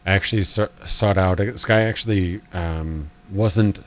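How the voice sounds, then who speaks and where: A man's voice: low-pitched, unhurried. A man hosting a casual live commentary stream, rambling with fillers and restarts. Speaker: channel host.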